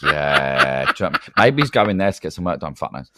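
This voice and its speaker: A man's voice: extremely low pitch, animated, fast, pushed and bright, a little hiss or hum. A man co-hosting a podcast and running a game, chatting casually with lots of swearing and laughter. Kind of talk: casual chat.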